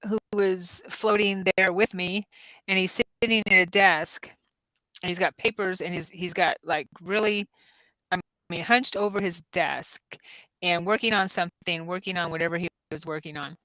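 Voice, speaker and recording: A woman's voice: lowish voice, steady tone, moderate pace, pushed and bright, no room sound, low-quality recording. A woman in her fifties hosting a casual livestream, telling stories with many ums and restarts. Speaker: psychic-medium host.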